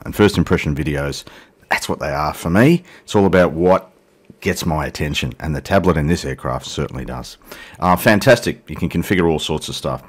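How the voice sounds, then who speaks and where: A middle-aged man giving casual, jokey, rambling commentary as he plays a flight simulator. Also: rumbling low. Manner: rambling, jokey and irreverent, talks to passengers and viewers. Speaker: flight sim video host.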